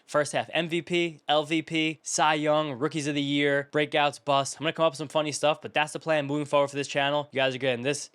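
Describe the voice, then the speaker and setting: A young man hosting his own channel, casually commentating as he grades viewers' fantasy baseball teams, riffing quickly through lists of player names. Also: fairly high pitch, level tone, a bit bright, clean tone, no room sound. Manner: rapid, chatty, riffing off a list of names.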